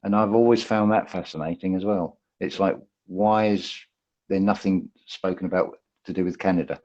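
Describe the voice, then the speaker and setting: A man's voice: low voice, moderate pace, darkish tone. A man from the UK in a casual online chat, talking hesitantly and restarting his sentences. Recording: dull lo-fi audio.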